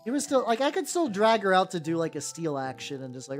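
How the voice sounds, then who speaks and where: A streamer with a mid-range, sing-song voice chats quickly while painting miniatures, rambling with lots of "like" fillers and restarts and answering chat along the way. Faint music plays in the background.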